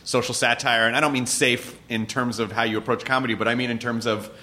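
Bright-voiced man hosting a chat. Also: mid-range voice, level tone, fast talker. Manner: loose, profane, shouts when mimicking. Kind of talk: casual interview chat.

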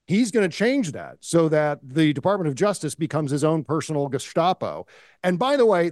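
Man, podcast co-host, indignant, impassioned, slightly high voice, dry sound. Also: darkish tone, no echo. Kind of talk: casual political chat.

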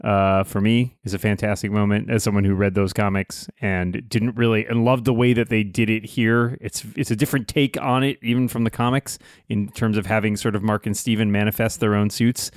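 A man's voice: on the low side, little pitch movement, brisk, hardly any pauses, dry recording, clean studio sound. A man on a podcast panel in casual chat, recounting a favorite scene with fannish delight and laughter.

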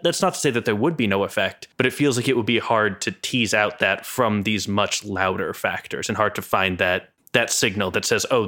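A man's voice: on the low side, bright, forceful tone. A man co-hosting a podcast, talking casually and hedging a lot, with many restarts. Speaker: podcast co-host.

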